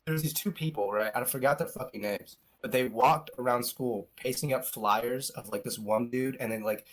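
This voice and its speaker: A man's voice: mid-range voice, normal speed. A young man co-hosting a podcast, telling a rambling, profane school story in casual chat and laughing along with it. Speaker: podcast co-host.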